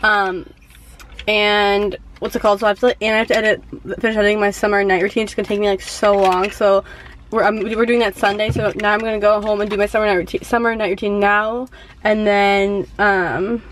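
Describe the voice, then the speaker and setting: A woman's voice: mid-range voice, level tone, fairly quick, low-quality recording. A young woman vlogger chatting casually and rambling with lots of fillers while driving. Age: young adult. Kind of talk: casual vlog chat. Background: road and car noise.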